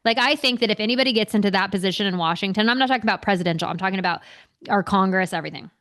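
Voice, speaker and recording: A woman's voice: medium pitch, racing, fairly bright tone. A young adult woman co-hosting a podcast, ranting heatedly in casual chat and swearing a lot. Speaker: podcast co-host.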